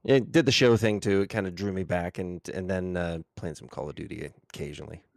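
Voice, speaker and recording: A man talking casually as a podcast co-host, unhurried and a bit hesitant. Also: sits low, creaky, no echo, studio quality.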